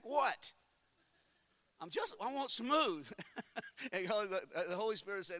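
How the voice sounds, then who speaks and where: A man preaching a sermon as pastor, swinging between quiet talk and shouting, and telling funny stories with acted-out inner voices. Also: high-pitched, very animated, a little slow, long pauses, no room sound.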